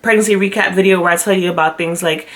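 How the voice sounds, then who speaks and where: A young woman vlogger telling a personal story to camera, chatty and animated, often acting out what others said. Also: on the low side, quick pace. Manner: chatty with frequent fillers. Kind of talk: storytime vlog.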